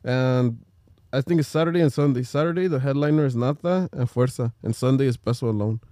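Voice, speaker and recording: A man chatting casually with friends in a dry, close room. He teases, laughs often and leans on slang. His pitch sits in the middle range. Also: fairly quick, mellow, dry recording. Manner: laughs a lot, teasing, slangy. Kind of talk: casual group chat.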